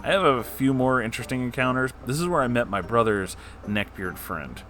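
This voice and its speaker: A man's voice: on the low side, a bit bright, slight background noise. A man reading a comedy story aloud and breaking in with sarcastic, joking asides. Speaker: story reader.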